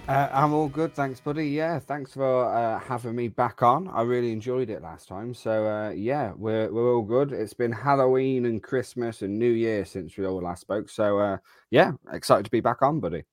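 A man's voice: medium pitch, moderate pace, no room sound, soft background music. A man with a Black Country accent, a guest host on a podcast, friendly and hesitant with fillers. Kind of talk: casual podcast chat.

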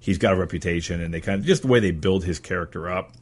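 American man, podcast co-host, very deep husky voice, halting casual delivery. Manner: hesitant, lots of fillers and trailing off. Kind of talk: casual chat.

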